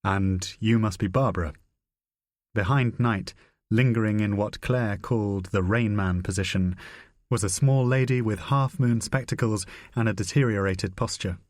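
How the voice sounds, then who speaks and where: A man reading a spy novel aloud in a measured, dry narration. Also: on the low side, a little mellow, no room sound. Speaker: audiobook narrator. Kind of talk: scripted narration.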